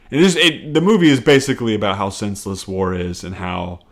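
Solo podcast host, man, lowish voice, rambling, swears, self-deprecating, laughs at himself. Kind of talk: casual solo comedy podcast.

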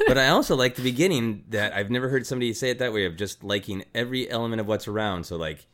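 A man's voice: medium pitch, animated, fast talker, a bit bright. A man hosting a podcast, chatting casually and laughing often. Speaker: podcast host. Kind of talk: casual chat.

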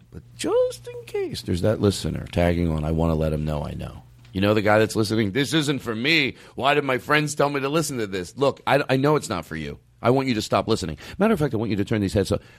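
A man hosting a comedy podcast in casual chat, rambling and self-aware, often slipping into mock voices. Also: lowish voice. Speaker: podcast host.

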